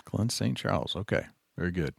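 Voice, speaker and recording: Deep-voiced male podcast host. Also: animated, creaky, slightly rough, dry recording, clean studio sound. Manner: brisk rapid-fire questions, short soft acknowledgments. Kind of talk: casual podcast interview.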